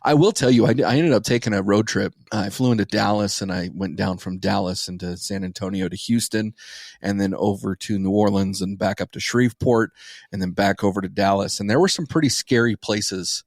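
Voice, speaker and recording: Low-voiced easygoing man from Las Vegas. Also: fairly quick, no echo, clean studio sound. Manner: relaxed, easygoing, says "like" often. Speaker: podcast co-host. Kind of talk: casual chat.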